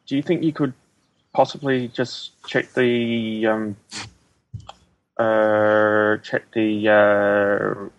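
A man's voice: on the low side, flat delivery, extremely slow. A man playing a tabletop role-play character, making polite and hesitant requests. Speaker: player. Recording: dull lo-fi sound.

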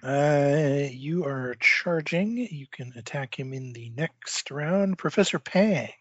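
A man's voice: a little high, no room sound, muffled recording. Man narrating a tabletop horror game. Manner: calm, drawn-out descriptive narration. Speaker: game master. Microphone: online voice call.

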